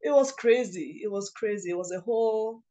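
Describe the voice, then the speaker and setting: A woman's voice: medium pitch, warm tone. Woman telling a personal story, emotional, keeps restarting sentences, lots of you know. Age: adult mother of several children. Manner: emotional, halting, with frequent restarts and fillers. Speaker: guest sharing a personal story.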